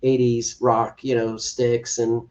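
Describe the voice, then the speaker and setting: An adoptive father, appearing as a podcast guest, shares an earnest personal story and acts out quoted dialogue. His voice is medium-pitched, level, slow, and darkish, and the audio sounds distant and slightly dull.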